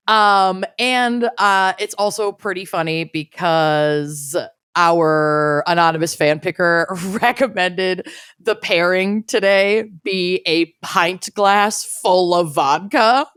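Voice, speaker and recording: A woman's voice: lowish voice, takes it slowly, clean tone, no room sound, clean studio sound. Jokey woman co-hosting a podcast. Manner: chatty, jokey, animated delivery. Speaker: podcast co-host. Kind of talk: casual podcast chat.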